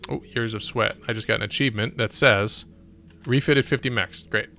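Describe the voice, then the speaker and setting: Bright-voiced man streaming a game. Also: on the low side, fairly even intonation, fairly quick, gravelly, soft background music. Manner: muttering, thinking aloud. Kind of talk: casual gameplay commentary.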